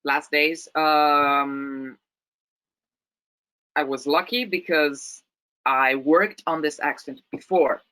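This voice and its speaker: A woman's voice: sits low, steady tone, takes it slowly, long pauses, fairly bright tone, poor audio. A middle-aged woman from Italy with an Italian accent, a guest actress talking thoughtfully and often restarting her sentences. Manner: thoughtful, many restarts and repeated words. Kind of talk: casual interview chat.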